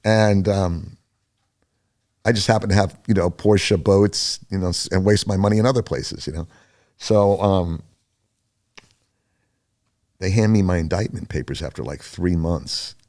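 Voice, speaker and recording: Low-voiced older man spinning a yarn. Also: unhurried, pauses often. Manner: animated, acts out other people's lines in a raised voice; loose and chatty, full of fillers and restarts. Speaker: podcast guest. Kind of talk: rambling storytelling in an interview.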